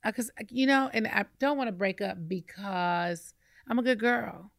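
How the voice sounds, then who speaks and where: A middle-aged woman co-hosting a podcast in casual chat, drawling and animated, acting out her own reactions. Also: mid-range voice, moderate pace, creaky, dry recording, clean studio sound. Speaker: podcast co-host.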